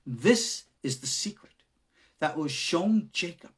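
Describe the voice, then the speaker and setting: A middle-aged male rabbi delivers a recorded lecture, moving between forceful stressed words and near-whispered asides. His voice is husky and a little breathy, and his pitch rises and falls widely from phrase to phrase. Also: expressive, slow pace. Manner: dramatic, swings from loud emphasis to hushed whispers. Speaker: rabbi teaching Kabbalah.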